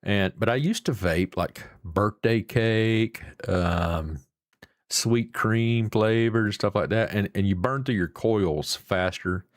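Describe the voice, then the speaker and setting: A man's voice: fairly low pitch, slow pace, no echo, clean studio sound. A man with an Appalachian accent hosting a live stream and chatting casually with viewers in a folksy, rambling, salty way. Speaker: livestream host.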